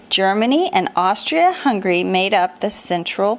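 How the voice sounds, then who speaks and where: A woman's voice: medium pitch, lively intonation, unhurried. A woman teacher walking children through a homeschool lesson, asking them questions and chanting memory rhymes in a sing-song. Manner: encouraging, asks children questions.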